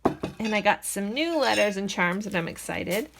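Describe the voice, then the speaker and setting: A woman's voice: medium pitch, lively intonation, normal speed, gravelly, noisy background. A woman giving a pick-a-card tarot reading to her viewers, talking in a chatty, rambling, reassuring way. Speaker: tarot reader.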